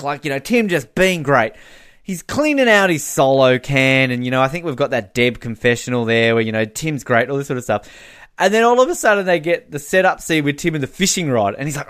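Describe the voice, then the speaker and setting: Animated Australian man recapping a show. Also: on the high side, fairly quick. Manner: animated, laughs often, acts out quotes. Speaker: podcast co-host. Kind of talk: casual reality-show recap chat.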